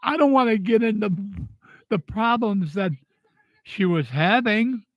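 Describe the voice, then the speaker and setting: An older man talking through tears in a halting, repetitive way, angry and grieving. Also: high-pitched, expressive, dry recording, muffled recording. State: tearful. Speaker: vlogger. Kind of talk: emotional personal monologue.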